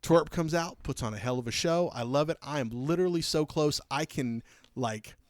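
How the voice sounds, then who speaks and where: A man co-hosting a podcast, telling a long casual story with lots of fillers and lively retellings. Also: a little high, normal speed, no echo. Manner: animated, rambling anecdote with many fillers. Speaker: podcast co-host.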